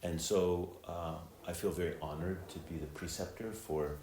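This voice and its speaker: Very deep-voiced man, reflective dharma talk. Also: fairly even intonation, a little mellow, slight background noise. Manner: reflective, unhurried, many filler words. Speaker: Zen teacher and preceptor. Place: temple hall. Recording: echoey temple hall, faint ambience.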